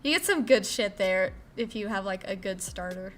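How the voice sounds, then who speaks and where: A woman's voice: mid-range voice, expressive, moderate pace, fairly bright tone, soft background music. A woman from Ohio with a Midwestern American accent, chatting casually on a live game stream, reading viewer questions and swearing now and then. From Ohio, USA. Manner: chatty, playful, swears casually, squeals at pets. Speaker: Twitch streamer.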